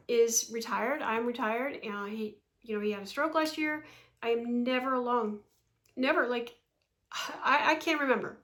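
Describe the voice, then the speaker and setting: Chatty woman in her sixties, higher voice. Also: a bit bright. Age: 60s. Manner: chatty, rambling, laughs often. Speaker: vlogger. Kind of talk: casual chat to camera.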